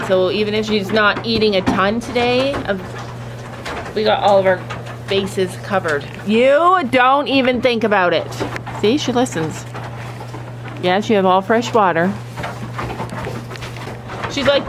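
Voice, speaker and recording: A woman vlogging on her farm, chatting to viewers and coaxing her goats as she tends them. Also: medium pitch. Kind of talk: casual vlog talk to camera. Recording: outdoor farm noise. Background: goats bleating.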